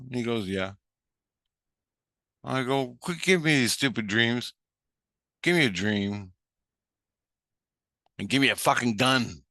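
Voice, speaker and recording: Profane, ranting man with a bright voice. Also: lowish voice, unhurried, pauses often, no room sound, studio quality. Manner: profane, ranting, animated retelling; acts out both sides of the dialogue. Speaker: vlogger. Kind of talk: rambling monologue.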